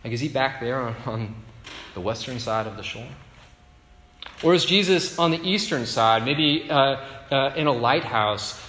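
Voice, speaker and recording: A male pastor preaching a sermon in a relaxed, conversational way, often checking in with the congregation by asking "right?". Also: mid-range voice, unhurried, slight background noise. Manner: conversational, frequent "right?" tag questions. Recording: echoey hall with long reverb.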